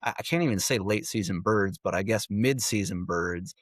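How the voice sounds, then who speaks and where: Podcast host, adult male, lowish voice, keen and upbeat, dry close sound. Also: moderate pace, dry recording. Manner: upbeat, enthusiastic. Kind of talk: casual podcast chat.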